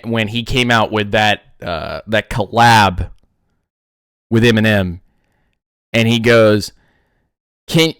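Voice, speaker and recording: A man's voice: on the low side, clean tone, no room sound, clean studio sound. A man hosting a casual sports talk show, ranting with lots of restarts. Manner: animated ranting, frequent restarts. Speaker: podcast host.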